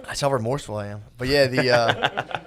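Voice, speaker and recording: A man's voice: mid-range voice, fairly even intonation, brisk, a crowd in the background. A man in his thirties on a comedy podcast, telling rambling stories in casual chat and laughing through them. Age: 30s. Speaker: podcast co-host.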